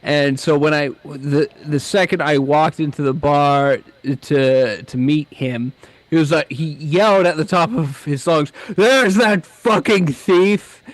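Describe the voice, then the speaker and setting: A man's voice: on the high side, steady tone, measured pace, no room sound. A man chatting as a guest, rambling with lots of restarts and blunt, profane asides. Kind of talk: casual chat.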